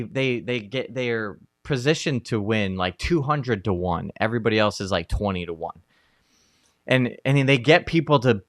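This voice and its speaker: A man co-hosting a casual talk show, telling stories in an animated way with many fillers and restarts. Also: medium pitch, no room sound, studio quality. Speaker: co-host, Catholic psychologist. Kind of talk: casual conversational commentary.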